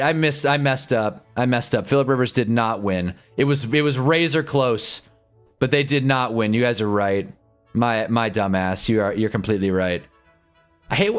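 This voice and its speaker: A man's voice: mid-range voice, fairly bright tone. A man hosting a casual football live stream, rambling and joking with his chat.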